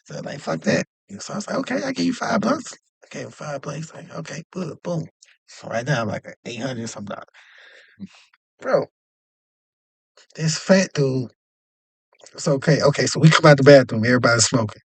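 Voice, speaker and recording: A young man casually telling a long, animated story, jumping up in pitch whenever he acts out other people's lines. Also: normal speed, long pauses, husky, no echo. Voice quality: animated, acts out quoted voices with jumps in pitch. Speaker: podcast host.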